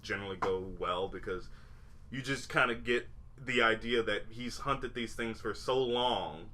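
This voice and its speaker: A man's voice: fairly low pitch, a little slow, sharp tone. A young man co-hosting a podcast, chatting casually and rambling with lots of fillers, restarts and swearing. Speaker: podcast co-host. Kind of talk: casual chat.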